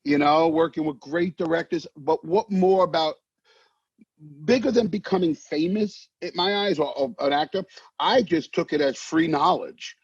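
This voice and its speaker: A man, an actor telling stories in a casual interview, animated and swearing, acting out voices. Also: on the high side, normal speed, breathy edge, no echo. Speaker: actor guest. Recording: dull muffled sound, dry.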